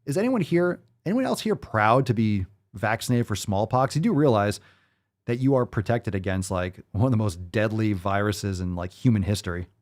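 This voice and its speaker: A man's voice: on the low side, expressive, normal speed, a little mellow. A man hosting a podcast, giving profane, sarcastic commentary as he reads posts and articles aloud. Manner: sarcastic, mocking, emphatic. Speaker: podcast host.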